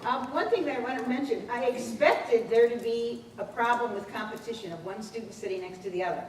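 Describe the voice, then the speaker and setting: A woman presenting at a workshop, telling school anecdotes with animated storytelling and acting out the dialogue. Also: fairly high pitch, fairly quick. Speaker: school administrator presenting a program. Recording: echoey room, distant mic, faint noise.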